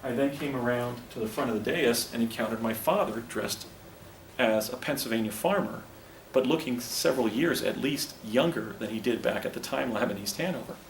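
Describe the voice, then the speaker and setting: A man's voice: mid-range voice, a little fast. A man in his fifties giving a lecture presentation, rambling with frequent restarts and digressions. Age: 50s. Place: lecture hall. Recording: echoey room, distant mic, faint noise.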